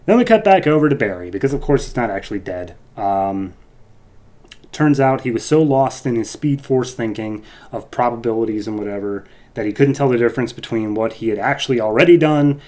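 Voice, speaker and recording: A man's voice: mid-range voice, darkish tone. A man who reviews comic books, giving a loose, rambling podcast recap full of asides.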